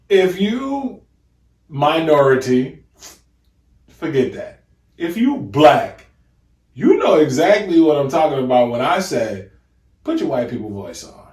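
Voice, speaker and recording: A man hosting a podcast in casual, animated commentary, mocking and acting out voices. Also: on the high side, echoey room. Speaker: podcast host.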